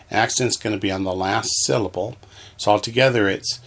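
A man's voice: fairly low pitch, moderate pace, fairly bright tone. A man teaching a reading lesson, patiently sounding out words one syllable at a time from a textbook.

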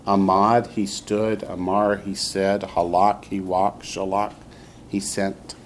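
A man leads a classroom lesson at an unhurried, deliberate pace, with a voice that sits a little low. He patiently repeats each word and waits for students to echo him. A faint hum of room ambience lies under his voice. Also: little pitch movement. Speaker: Hebrew teacher. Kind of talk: classroom instruction.

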